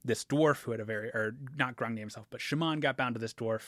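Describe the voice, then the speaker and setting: A man's voice: medium pitch, quick pace, fairly bright tone, no room sound, studio quality. A man hosting a casual podcast, recapping fantasy game lore in a rambling way with fillers and frequent laughs. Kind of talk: casual chat.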